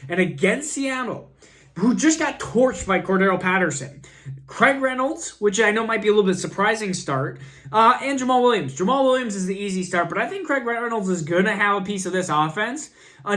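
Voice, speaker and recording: A man's voice: sits high, expressive, fairly quick, fairly bright tone. A man who is sick with a cough, hosting a fantasy football vlog and talking casually in a rambling, self-deprecating way. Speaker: fantasy football channel host.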